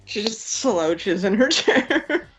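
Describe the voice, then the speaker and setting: Blunt, slow-talking woman tabletop player. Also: mid-range voice, big pitch swings, slightly rough. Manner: blunt and sardonic. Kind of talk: tabletop role-play. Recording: muffled lo-fi audio with faint music.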